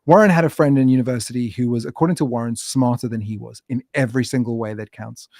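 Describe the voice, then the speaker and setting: A man, a guest on a podcast, talking with enthusiasm and acting out stories in lively bursts. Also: medium pitch, fast talker, hardly any pauses, dry recording. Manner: animated storyteller, acts out quotes. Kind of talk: enthusiastic casual interview talk.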